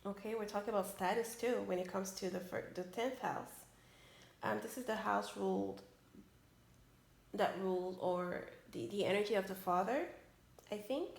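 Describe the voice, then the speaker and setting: A woman giving a casual tarot reading who is losing her voice, halting often with "um" and tagging her points with a questioning "okay?". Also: medium pitch, vocal fry. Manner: tags many phrases with a questioning "okay?"; hesitant, with frequent "um" and restarts. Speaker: tarot reader. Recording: roomy echoey room.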